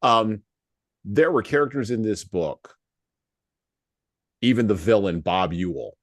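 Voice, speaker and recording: A man hosting a podcast in casual discussion, animated and fond of quick acted-out voices to make a point. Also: on the low side, no echo, clean studio sound. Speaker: podcast host.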